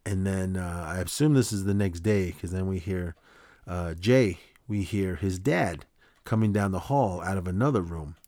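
A man with a deep voice hosts a podcast, walking through a short film's story in a loose, rambling way. He leans on fillers and restarts his sentences often. The sound is close and dry, with no room echo. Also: moderate pace, mellow. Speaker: podcast host. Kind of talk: casual film recap.

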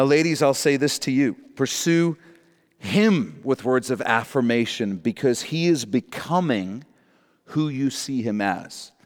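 Animated man preaching in a reverberant hall. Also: mid-range voice. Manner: animated, joking preacher with repeated refrains. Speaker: pastor. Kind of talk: sermon.

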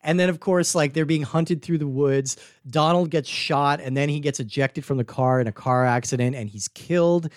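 A man's voice: fairly high pitch, moderate pace, hardly any pauses, no room sound, clean studio sound. A man talking casually about a movie on a podcast, rambling with lots of fillers and restarts. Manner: animated, rambling, frequent "like" and restarts. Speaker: podcast co-host. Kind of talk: casual film discussion.

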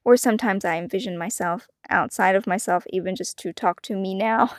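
A woman hosting a solo wellness podcast, talking in a gentle, encouraging way and laughing often. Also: medium pitch, a little fast, no room sound, studio quality. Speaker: podcast host.

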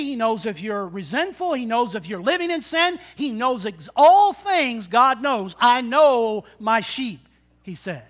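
A man in his sixties delivers a sermon with a lively preaching style. His voice sits high and sounds bright and forceful, rising on emphatic lines and dropping low for asides. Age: 60s. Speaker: pastor.

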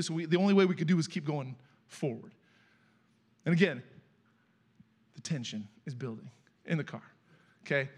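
A middle-aged man preaching as a guest speaker in a church, telling stories in a conversational, animated way. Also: a little high. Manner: conversational, animated storytelling with acted quotes. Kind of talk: sermon with storytelling. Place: church sanctuary.

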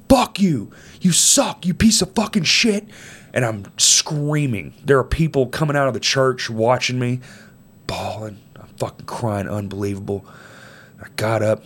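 A man telling a personal story in casual chat, swearing freely and dropping to quiet, low tones at heavy moments. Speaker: storyteller in conversation.

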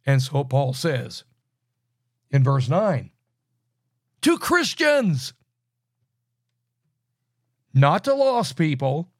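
A man teaching through a Bible book verse by verse, emphatic, with loud bursts and low asides. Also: very animated, slow pace, dry recording, studio quality.

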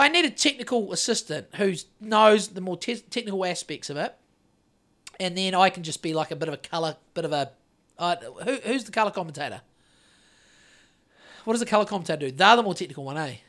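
A man's voice: sits high, expressive, a little fast, pushed and bright. A man, co-hosting a podcast on a phone live stream, rambling and swearing as he chats. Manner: rambling, swearing, self-interrupting. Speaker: podcast co-host. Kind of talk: casual chat on a live stream.

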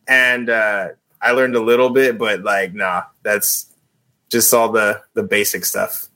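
A man's voice: lowish voice, steady tone, a little slow, sharp tone. An American man chatting as a podcast guest, telling loose stories and playing with accents. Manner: chatty storyteller, slips into mimicked accents. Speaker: podcast guest, band musician. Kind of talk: casual podcast chat.

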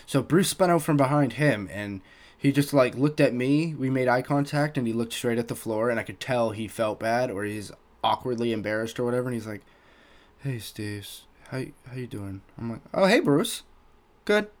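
A man's voice: mid-range voice, brisk. A young man hosting a podcast, casually telling a story from his youth, swearing freely and acting out what people said. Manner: animated, swears a lot, acts out quoted voices. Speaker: podcast host.

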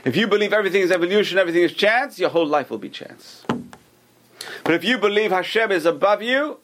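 This man's voice sits high and moves fast against slight background noise as he teaches a Torah class. Telling stories with animation, he plays the people he quotes and frequently repeats or restarts phrases.

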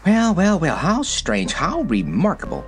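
Guy doing a snooty officious storybook rabbit, clipped and high. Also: wildly swooping pitch, unhurried, soft background music. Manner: pompous, sharp, officious. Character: pompous sharp white rabbit gatekeeper, male.

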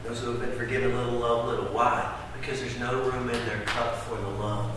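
A pastor preaching a sermon, swinging from loud emphatic outbursts to quiet, earnest talk. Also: male voice, mid-range voice, level tone, a little fast. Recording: echoey hall from far off with background noise.

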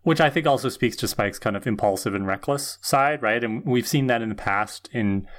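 A man's voice: medium pitch, normal speed. A man co-hosting a podcast, analyzing a TV episode in casual chat. He talks things through thoughtfully and keeps checking in with "right?". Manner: thoughtful, checks in with frequent "right?", swears for emphasis. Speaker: podcast co-host.

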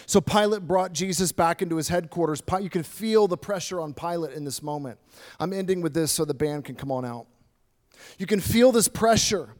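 A man preaching a sermon in church, telling a story in an animated, dramatic way. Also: on the high side, a little fast. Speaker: pastor. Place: church stage with a band.

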